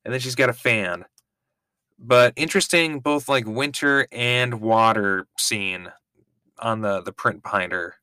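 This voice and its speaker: A man's voice: mid-range voice, measured pace, pushed and bright, smooth, dry recording, clean studio sound. A man hosting a podcast, chatting casually and wryly with offhand swearing during a watch-along. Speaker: podcast host.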